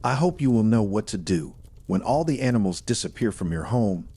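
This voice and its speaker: A man reading a first-person horror story in a steady, measured storytelling manner. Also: lowish voice, husky, no room sound.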